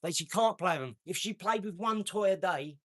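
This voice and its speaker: Brash, boastful, and heavy on slang and profanity, this live stream host is a man in his 40s who speaks a little fast. His casual delivery lurches from loud outbursts down to low mumbling.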